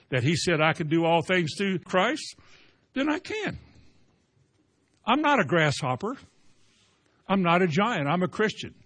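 A man preaching a sermon, firing rhetorical questions and swinging from slow loud emphasis to quiet asides. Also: high-pitched.

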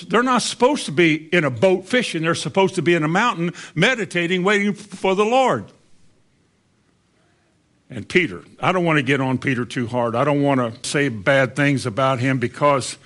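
A man's voice: fairly high pitch, fairly bright tone. A man preaching a sermon as a pastor, telling the story in a folksy, conversational way.

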